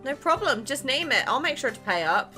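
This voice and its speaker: Bright, animated woman reading a game. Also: high voice, fairly quick. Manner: playful, chatty, giggly. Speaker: gaming content creator. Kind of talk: reading a romance game aloud. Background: game music.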